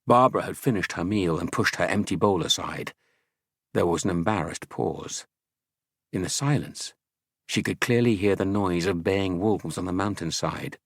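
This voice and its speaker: Deep, husky male audiobook narrator. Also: a bit bright, no room sound, clean studio sound. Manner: measured storytelling. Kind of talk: scripted narration.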